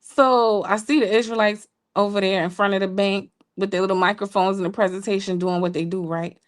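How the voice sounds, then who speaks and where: A woman co-hosting a show, telling a story in a casual, playful way with laughing asides to listeners. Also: fairly quick. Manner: animated, jumps high when quoting people. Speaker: podcast co-host telling a story.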